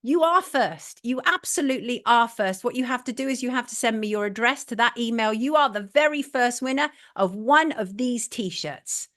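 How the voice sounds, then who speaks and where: A woman's voice: a little high, animated, moderate pace, few pauses, a bit bright. A middle-aged English woman hosting a live online talk show, opinionated and blunt, repeating her points for emphasis and reading out viewer messages.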